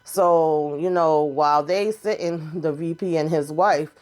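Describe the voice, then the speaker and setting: A woman's voice: deep voice, fairly even intonation, a little slow, a little mellow. A woman casually recapping a TV episode, blunt and sassy, swearing freely as she retells the scenes.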